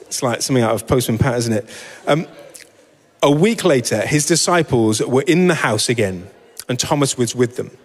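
Brief: male preacher, mid-pitched, informal Bible reading, long church-hall reverb. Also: animated, moderate pace. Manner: informal and self-deprecating, with fillers and asides.

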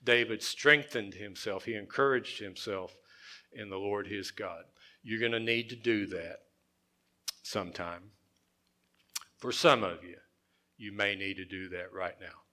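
A male pastor preaching a sermon in a conversational way, repeating phrases and dropping his voice to a hush for emphasis. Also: fairly low pitch, unhurried, long pauses.

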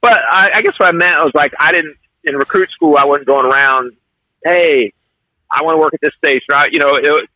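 Animated man spinning fire-station stories. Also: mid-range voice, dry recording, lo-fi sound. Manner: animated storyteller who acts out quotes. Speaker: fire officer guest. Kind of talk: conversational storytelling interview.

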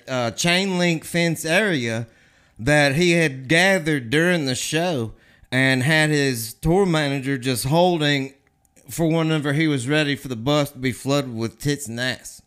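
A man's voice: fairly high pitch, measured pace, fairly bright tone, clear, resonant tone. A man in casual chat, laid-back and swearing often.

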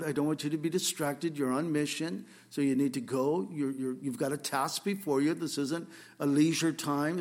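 A man preaching a sermon, reading scripture and expounding on it, swinging between loud rhetorical questions and quiet asides. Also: fairly high pitch. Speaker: pastor.

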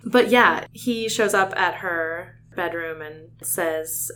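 A woman's voice: lowish voice, slow pace, fairly bright tone, slight background noise. A young woman co-hosting a casual book podcast, chatty and full of fillers, reading passages aloud with feeling. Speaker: podcast co-host.

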